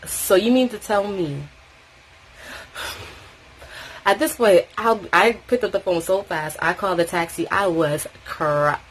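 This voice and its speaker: A young woman from Tobago telling a story in casual vlog chat, animated and swearing freely. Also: medium pitch, slow pace, long pauses, breathy edge, rough recording. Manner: animated, swearing freely, acting out quoted voices.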